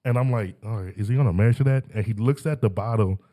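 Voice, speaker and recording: A man hosting a podcast in casual chat, animated and slangy, laughing often. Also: fairly low pitch, quick pace.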